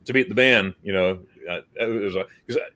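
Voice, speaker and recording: A man from the United States chats casually as a livestream host. His voice sits low, and he tells his stories loosely, stumbling over repeated words and playing out the lines of the people in them. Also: brisk, bright, forceful tone. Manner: storytelling, repeats words, acts out quotes.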